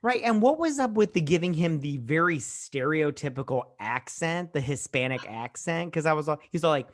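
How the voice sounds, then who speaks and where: A woman co-hosting a casual, drunk movie-review podcast, retelling scenes in a profane, animated way with acted-out asides. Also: deep voice, normal speed. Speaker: podcast co-host.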